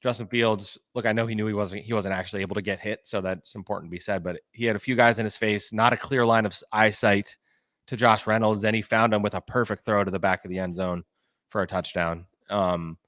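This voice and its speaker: A man's voice: on the low side, steady tone, brisk, a bit bright, dry recording, studio quality. A man co-hosting a sports podcast, a reporter talking casually and rambling with lots of "like" and restarts. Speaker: beat reporter and podcast co-host.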